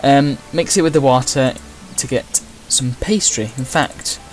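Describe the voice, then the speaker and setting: A man's voice: mid-range voice, measured pace, soft background music. A man giving casual, chatty gameplay commentary with wry asides. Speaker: gamer.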